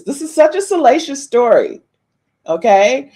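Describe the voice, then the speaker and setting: A woman's voice: mid-range voice, sing-song, slow, a little mellow. A woman hosting a casual live-stream gossip podcast, reading viewers' chat comments aloud and calling out meow to them. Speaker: podcast host.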